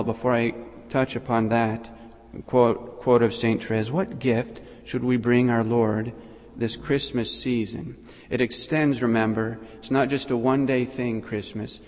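A man preaches a sermon at a measured pace and pauses often between short phrases. His voice sits in an ordinary middle pitch. Long reverb rings after his words, as in a church. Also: darkish tone. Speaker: priest. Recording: long reverb in a large hall.

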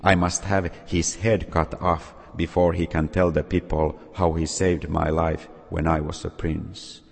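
Storybook villain king, male, cold and commanding, deep husky voice with long reverb, read by a man. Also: little pitch movement, unhurried, full character voice. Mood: scheming. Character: scheming ungrateful prince turned cruel king.

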